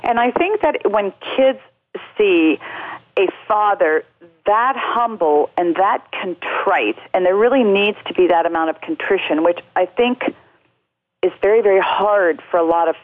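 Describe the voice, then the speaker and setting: A woman's voice: medium pitch, expressive, unhurried, dry recording. A woman speaking as a guest in an interview, giving earnest, reflective answers with many fillers and restarts. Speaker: guest speaking on parenting and faith. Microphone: telephone. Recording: tinny phone line.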